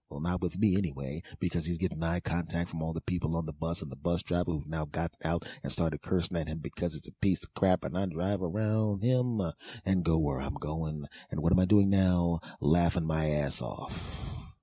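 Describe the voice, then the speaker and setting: A middle-aged man hosts a podcast in a deep, dark voice with a breathy edge, at normal speed and with no echo. He tells a comic story as an exasperated, sarcastic rant, repeating phrases for emphasis.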